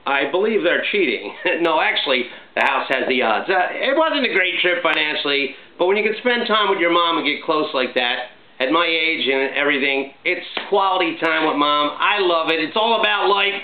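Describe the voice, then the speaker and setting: Middle-aged guy hosting his vlog, upbeat and jokey, kinda high voice, tinny and echoey. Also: lively intonation, normal speed, hardly any pauses. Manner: chatty, upbeat, jokey, with shout-outs. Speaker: vlog host. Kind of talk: casual home vlog monologue. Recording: echoey, tinny phone-like sound, faint hiss.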